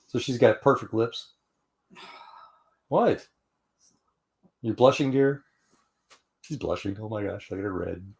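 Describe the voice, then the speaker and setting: A man's voice: fairly low pitch, creaky, darkish tone. A middle-aged man from Houston hosting a casual online chat, telling a story in a rambling way with many restarts and "you know"s, and laughing now and then. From Houston, Texas, US. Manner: laughs while telling stories. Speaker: host of an online fellowship chat.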